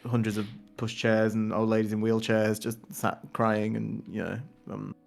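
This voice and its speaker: A man's voice: lowish voice, monotone, normal speed, gravelly, faint music behind. A man with a Northern English accent co-hosting a casual podcast, telling stories and running himself down with casual swearing over a voice call. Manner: self-deprecating, storytelling, swears casually. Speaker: podcast co-host. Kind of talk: casual chat. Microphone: microphone on a voice call.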